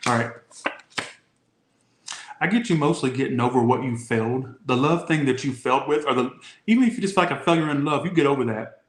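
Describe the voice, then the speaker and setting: A man's voice: medium pitch, fairly quick, pauses often, roomy sound. A man from the Southern United States giving a casual, rambling tarot reading, often asking "all right?". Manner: chatty, rambling, says "all right?" a lot. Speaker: tarot reader.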